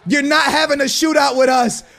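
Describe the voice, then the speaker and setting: A man commentating his own soccer video game, hyped and shouting at big moments, muttering quietly in between. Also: very high voice, fairly even intonation, a little fast, creaky. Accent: American. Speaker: gaming YouTuber. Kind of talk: excited gameplay commentary.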